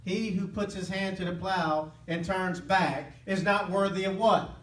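A high-pitched male preacher leads a call-and-response Bible study, pausing for listeners to fill in each phrase. He speaks with earnest, impassioned conviction. The sound is roomy and echoey, picked up from a mic some distance away. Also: fairly bright tone. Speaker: Bible teacher. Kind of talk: interactive sermon. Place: church hall with live listeners.

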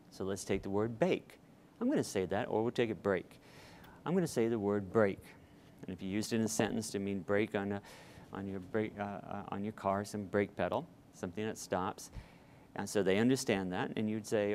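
Low-voiced man tutoring parents. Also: normal speed, a little mellow, a little hiss or hum. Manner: patient, explains step by step with fillers. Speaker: reading tutor. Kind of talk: instructional talk to parents.

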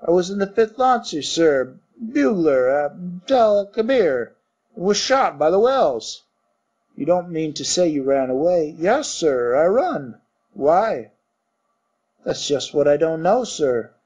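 A man voicing a coarse young Cockney bellboy who talks in blunt, rough working-class grammar, in a storybook reading. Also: a little high, big pitch swings, slow, darkish tone, heavily acted. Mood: uneasy. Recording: dull muffled recording.

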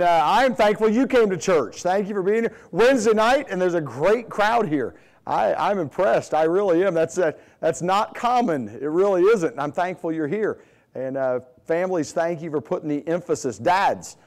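A man's voice: fairly high pitch, darkish tone. A middle-aged man, an evangelist from Illinois who grew up in the South, speaking in a church and telling folksy, self-deprecating stories. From Illinois, raised in the US South. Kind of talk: sermon introduction, storytelling. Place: church sanctuary.

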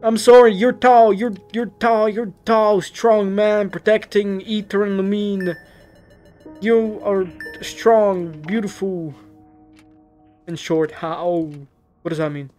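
A young gaming YouTuber, not a native English speaker, plays a horror game and reacts out loud, jumping easily and talking to the characters on screen. His voice sits high and steady, he speaks slowly, and faint music plays behind him.

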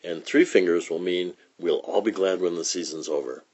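A man's voice: sits low, moderate pace, a little mellow, breathy edge. A man voicing a serious young boy from a comic strip, in a matter-of-fact way. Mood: dry.

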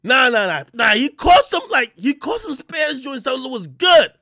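A man streaming live, telling crude stories in loud, laughing casual chat with sudden yelps. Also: very high voice, big pitch swings, normal speed, no echo, studio quality.

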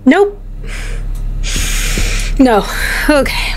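Panicky high-voiced woman gaming. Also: lively intonation, a little slow, pauses often, over music. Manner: panicky, yelps and rambles to herself. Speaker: gaming commentator. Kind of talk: horror game commentary.

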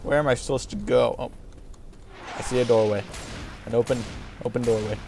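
A man doing casual let's-play commentary, excitable and full of yelps and exclamations. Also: medium pitch, a little fast, creaky, a little hiss or hum. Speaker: gameplay commentator.

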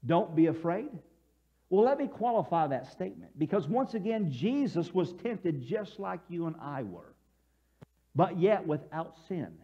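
A male pastor with a high, very lively voice preaches with animated storytelling, slipping into voices for the people in his stories. The sound is a little dull and lo-fi, like a church broadcast feed. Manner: leads congregation call-and-response. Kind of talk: sermon.

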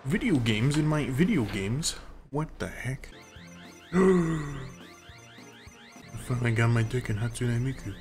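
A man's voice: medium pitch, expressive, unhurried, long pauses, darkish tone. A young man giving crude, joking commentary while playing a video game. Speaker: let's play commentator. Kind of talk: comedic gameplay commentary. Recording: game music behind voice. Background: game music.

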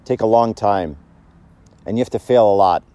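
A man's voice: fairly low pitch, normal speed, warm tone, no room sound. A man giving a casual, conversational sermon, joking and asking the audience questions. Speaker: church speaker.

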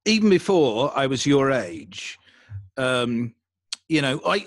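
An older man from England with a neutralized, mid-Atlantic English accent, telling stories in an animated way as a guest on a podcast. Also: mid-range voice, takes it slowly, dry recording. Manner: animated storyteller, breaks into mock radio DJ voice. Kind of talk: casual podcast conversation.

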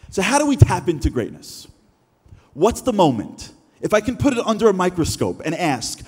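Man, keynote speaker, high voice, lively delivery, long hall reverb. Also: husky. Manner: animated, acts out imagined thoughts with rising pitch. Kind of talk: motivational keynote speech.

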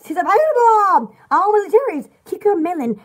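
Woman, shop host, high and lively, rambling and giggly. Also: fairly quick. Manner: giggly, chatty, rambling, reads product lists aloud. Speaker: online shop host selling bath products. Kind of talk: casual live sales chat.

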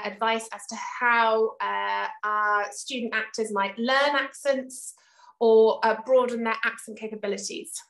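Polite woman moderator, slightly high voice. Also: fairly bright tone, rough recording. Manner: measured and polite, halting with fillers. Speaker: panel moderator, head of drama. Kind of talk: moderating questions.

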